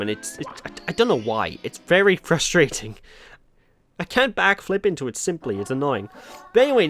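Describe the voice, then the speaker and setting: A man's voice: on the high side, fairly bright tone. A man with a Welsh accent hosting a let's play, chatty and exasperated, with a bit of swearing. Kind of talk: casual gameplay commentary.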